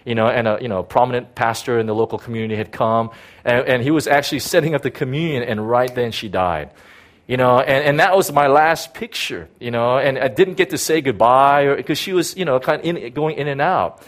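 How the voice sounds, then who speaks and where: A middle-aged man, a pastor, giving a personal testimony in a sermon. He talks haltingly, repeating words and filling with "you know.". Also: medium pitch.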